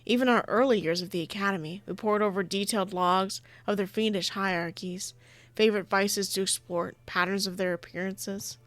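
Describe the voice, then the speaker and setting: A woman's voice: mid-range voice, fairly even intonation, normal speed, fairly bright tone, no echo. A woman playing a visual novel, reading its narration aloud in a chatty, giggly way with casual asides. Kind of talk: reading game narration with live commentary.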